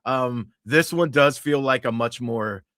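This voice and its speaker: A man's voice: medium pitch, unhurried, fairly bright tone, dry recording, studio quality. A man co-hosting a podcast, talking earnestly in casual chat with many fillers. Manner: earnest, with frequent fillers and restarts. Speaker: podcast co-host.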